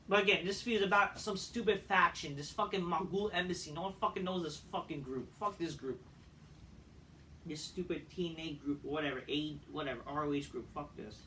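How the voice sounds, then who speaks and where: A man ranting through a wrestling show review, swearing and venting his frustration. His voice sits high and sounds sharp and forceful. He is a little distant from the mic, with a faint hiss behind him. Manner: profane, exasperated ranting.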